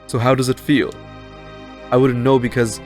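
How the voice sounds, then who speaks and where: A man voicing a calm, cold-blooded swordsman from a game, his orders coming out level and commanding at a medium pitch with a faint put-on accent. Faint music plays underneath. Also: normal speed, close to an everyday voice. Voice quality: even, commanding delivery with a slight put-on accent. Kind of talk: reading game dialogue aloud.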